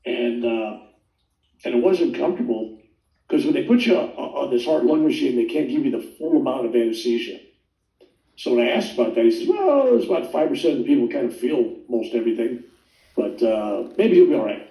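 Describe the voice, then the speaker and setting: Older guy rambling through a wild story, mellow voice, sounds far off in an echoey room. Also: mid-range voice, brisk. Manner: rambling, animated, quotes voices. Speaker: guest telling his near-death story. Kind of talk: casual storytelling interview. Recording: roomy sound, distant from the mic.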